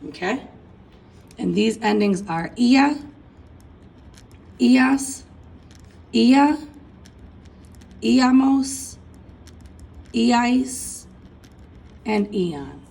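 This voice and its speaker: A woman talks through a lesson at an unhurried, deliberate pace. Her voice carries a slight huskiness. She chants lists of endings aloud and calls her listeners folks. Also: a little high, lively intonation, vocal fry, a little mellow, husky, poor audio. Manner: chanting verb endings, addressing students as folks. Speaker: Spanish teacher. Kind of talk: recorded classroom lesson.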